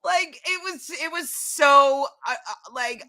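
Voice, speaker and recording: A woman's voice: high voice, slow, pushed and bright. A woman co-hosting a casual recap show, giving giggly commentary full of fillers.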